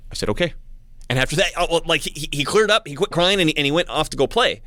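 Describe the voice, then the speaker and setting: A man talking in a casual monologue to his channel's viewers, halting with frequent restarts and repeated words. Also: on the high side, big pitch swings, bright, forceful tone, no room sound. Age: adult with young child. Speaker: channel host.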